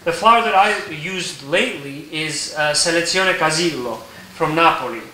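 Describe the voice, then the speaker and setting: A man walks through a recipe in his home kitchen, relaxed and explanatory, often checking in with his viewers. His voice is very bright and slightly high. It sounds roomy and set back from the mic, with faint kitchen clatter behind. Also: moderate pace, distant mic, a little hiss or hum. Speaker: home baker teaching a recipe. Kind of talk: casual cooking tutorial.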